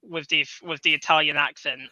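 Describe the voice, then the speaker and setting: A man's voice: on the high side, little pitch movement, brisk, pushed and bright, dry recording. A man co-hosting a football watchalong, wry and playing peacemaker between the others. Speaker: football fan co-host. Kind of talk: casual watchalong banter. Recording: dull lo-fi mic.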